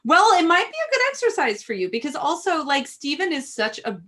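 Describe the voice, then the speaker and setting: A woman's voice: high-pitched, very animated, a little fast, bright, forceful tone. A woman, an opera singer co-hosting a casual chat, who talks in a gushing, rambling way.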